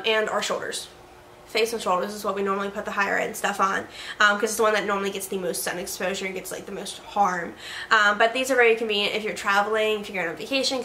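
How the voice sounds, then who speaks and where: A woman with a bright, fairly high voice reviews products in casual chat. She is playful, makes joking asides and corrects herself often. The sound bounces around an echoey room over faint ambience. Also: a little hiss or hum.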